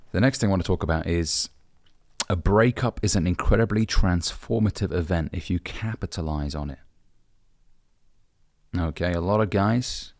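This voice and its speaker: A man's voice: low-pitched, vocal fry, darkish tone, no echo, clean studio sound. A young man from the UK, a dating coach, giving blunt, brotherly advice and swearing casually. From United Kingdom. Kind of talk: direct-to-camera advice talk.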